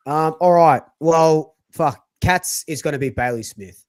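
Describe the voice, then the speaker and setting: A man's voice: a little high, unhurried, a little mellow, no room sound. A man co-hosting a casual football chat, loose and encouraging, swearing now and then. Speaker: co-host.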